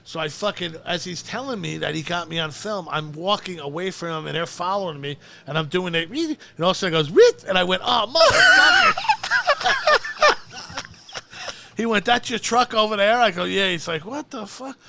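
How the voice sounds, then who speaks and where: A middle-aged man with a New Jersey accent, telling a profane story in animated bursts and acting out every voice in it. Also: sits high, quick pace, creaky, hardly any pauses, slight background noise. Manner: animated, acts out the voices in his stories, frequent swearing. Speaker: podcast guest, storyteller.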